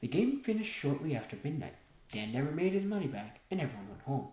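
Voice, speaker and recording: A woman reading a first-person memoir as an audiobook narrator, expressive storytelling. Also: sits low, quick pace, reverberant, rough recording. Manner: expressive storytelling, wide swings in tone.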